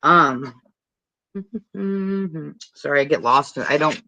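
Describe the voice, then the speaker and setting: A woman's voice: sits low, very slow, bright, forceful tone, dry recording, rough recording. A woman co-hosting a podcast, retelling a movie in a rambling, profane, casual way with frequent laughs. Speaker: podcast co-host. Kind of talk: casual movie recap chat.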